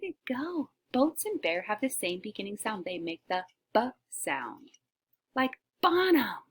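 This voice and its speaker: A woman teaches young children to read, drawing out each beginning letter sound at a deliberately slow pace. Her voice is soft and breathy, often sinking to a whisper before she brightens with gasps of discovery. Her pitch rises and falls in a lively, singsong way. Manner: animated, encouraging, with gasps of discovery. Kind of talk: shared reading lesson for young children.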